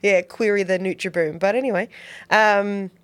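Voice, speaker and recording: A woman's voice: medium pitch, steady tone, moderate pace. A woman co-hosting a podcast, chatting casually and giggling often. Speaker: podcast co-host. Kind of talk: casual chat.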